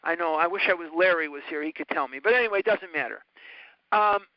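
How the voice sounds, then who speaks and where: Man, high voice, teaching a recovery group, emphatic, dry dull phone-call sound. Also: fast talker, no echo. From north side of Chicago. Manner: earnest, repetitive, emphatic teaching. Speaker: recovery study leader. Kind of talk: talk to a recovery study group.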